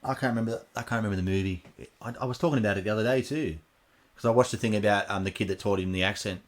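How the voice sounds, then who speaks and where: A man's voice: on the low side, very fast. A man with an Australian accent, hosting a reaction video in a rambling, casual way with lots of ums and restarts.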